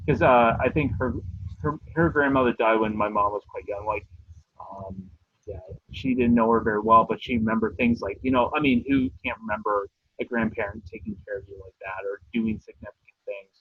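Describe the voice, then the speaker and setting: A young man telling a story casually on a video call, hesitant, with many pauses and restarts. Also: fairly low pitch, fairly even intonation, no room sound. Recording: dry phone-like raspy call audio.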